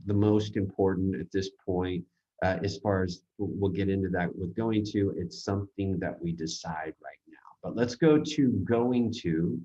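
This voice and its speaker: A man teaching a grammar seminar, explaining with halting, rambling sentences full of restarts and fillers. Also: low voice, mellow, lo-fi sound. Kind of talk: recorded grammar seminar lecture.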